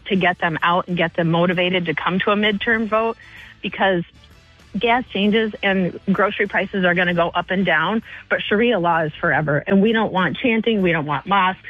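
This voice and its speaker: A woman's voice: mid-range voice, no echo. A woman from Michigan calling in to a radio talk show, talking in an earnest, eager way. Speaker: caller. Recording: phone-line call with faint music.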